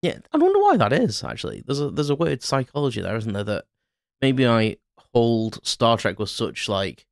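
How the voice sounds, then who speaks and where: A man's voice: fairly low pitch, dry recording, studio quality. A man hosting a podcast, rambling in a casual solo monologue with lots of fillers and self-mocking asides. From Ireland. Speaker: podcast host.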